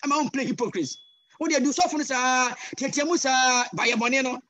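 This man's very high voice carries a passionate sermon at a normal speed, delivered as a guest pastor over a video call. He has a Ghanaian accent, alternates English with Twi, and lets out sudden loud cries.

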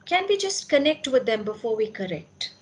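A woman's voice: fairly high pitch, sing-song, moderate pace. A woman giving a talk on parenting to parents at a school meeting, earnest and asking questions to answer them herself.

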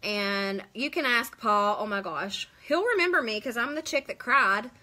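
Woman, bright voice, casual live-stream chatter, rambling, greets viewers. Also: a little high, animated, normal speed. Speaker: beauty vlogger hosting a live stream.

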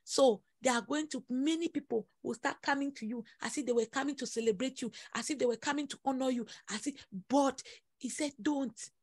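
A high-pitched woman leads a prophetic prayer session. She presses her points with emphatic repetition and sudden exclamations. The sound is dry and close, with no room around it. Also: a little fast, a little mellow, no room sound. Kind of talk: prophetic sermon over prayer call.

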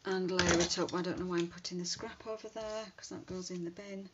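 A woman's voice: lowish voice, fairly even intonation, fairly quick. A woman chatting casually while demonstrating card making, thinking aloud as she works. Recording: dull lo-fi sound with faint hiss.

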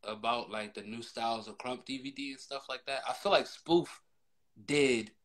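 Bright-voiced man laughing in casual chat. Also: medium pitch, moderate pace. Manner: laughs often, emphatic, repeats himself.

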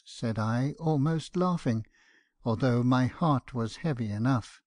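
A man narrating a first-person audiobook in a measured, earnest storytelling manner. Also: medium pitch, a little mellow, dry recording, studio quality.

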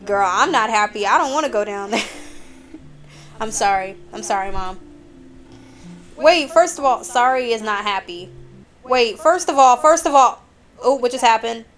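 Brief: woman gamer, slightly high voice, nervous let's-play chatter over faint game music. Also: animated, a little slow, long pauses, fairly bright tone. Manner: jittery, chatty, talks to viewers as y'all. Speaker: gamer playing a horror game.

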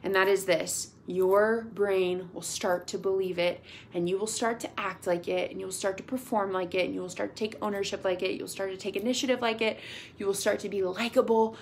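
A woman, speaking over a video call as a team leader giving a pep talk. Her delivery is gushing and upbeat, loose and chatty, full of fillers. Her voice sits at a middle pitch. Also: steady tone, brisk, a little hiss or hum. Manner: gushing, upbeat, lots of "like" and "y'all". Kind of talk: casual motivational talk.

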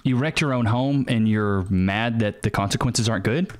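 A man's voice: lowish voice, moderate pace. A man commenting on video clips in a mocking, sarcastic tone. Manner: mocking, sarcastic, calls people honey. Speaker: commentary host reacting to clips. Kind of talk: reaction commentary.

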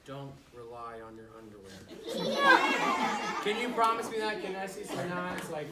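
A woman's voice: lowish voice, normal speed, long pauses, over a noisy crowd. Playful woman reading to a noisy classroom. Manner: playful, animated, with joking asides to the kids. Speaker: children's author. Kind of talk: reading a rhyming picture book aloud to young children. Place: school room full of first graders. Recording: echoey room, distant mic, loud children. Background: children chattering and laughing.

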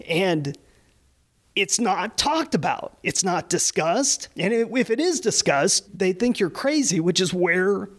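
A man with a notably high voice shares his experience with a group. His voice trembles as if he were close to tears, and he talks in an earnest, rambling way. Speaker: participant in a group discussion. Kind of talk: earnest personal testimony.

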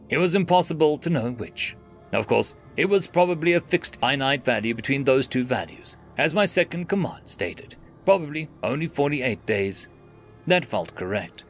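A man narrating a scripted science fiction story in a dramatic, dry manner. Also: fairly high pitch.

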